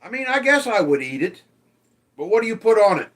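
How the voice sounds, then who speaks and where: A man's voice: high-pitched, very animated, brisk, a bit bright. A man hosting a casual livestream, reading viewer comments aloud and teasing them, swearing freely. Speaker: livestream host.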